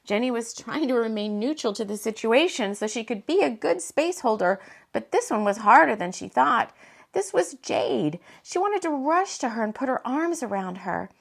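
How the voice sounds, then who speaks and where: A woman's voice: a little high, moderate pace, vocal fry. Woman reading her novel aloud. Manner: expressive, dramatic reading. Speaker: author and audiobook reader. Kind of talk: audiobook narration.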